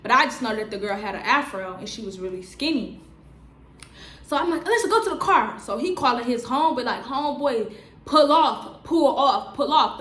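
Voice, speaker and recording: A woman in her twenties telling a story on her vlog in a lively, slangy way, full of "like" fillers. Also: fairly high pitch, roomy sound. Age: 20s. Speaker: vlogger. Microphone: on-camera mic.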